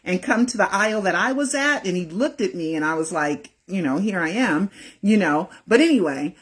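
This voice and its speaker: Husky-voiced woman telling a story. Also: on the low side, lively intonation, brisk. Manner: chatty, keeps adding "right?" and "okay". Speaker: independent journalist. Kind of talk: casual first-person storytelling.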